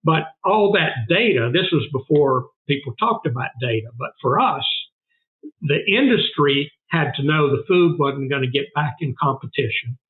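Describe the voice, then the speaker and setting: An older man with a Southern US accent, a food bank founder, is a guest in a casual interview, telling earnest stories and repeating things for emphasis. His slightly high, expressive voice moves at normal speed and sounds narrow, like a phone line.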